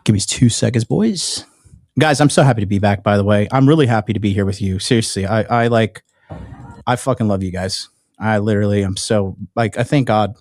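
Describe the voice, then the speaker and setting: A man's voice: lowish voice, fairly quick, a little mellow, no room sound, clean studio sound. Rambling, profane male YouTuber. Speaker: online dating coach and YouTuber. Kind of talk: casual direct-to-camera chat.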